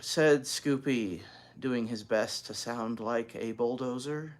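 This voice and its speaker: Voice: mid-range voice, expressive, unhurried. A reader narrating a children's chapter book aloud, adding chatty asides to young listeners. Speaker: storybook reader.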